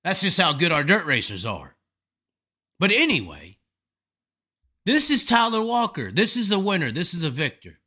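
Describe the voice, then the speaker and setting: A man's voice: sits high, wildly swooping pitch, normal speed, pauses often, bright, forceful tone, husky. A man hosting a live stream, delivering a profane, emphatic, rambling rant of commentary. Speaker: host.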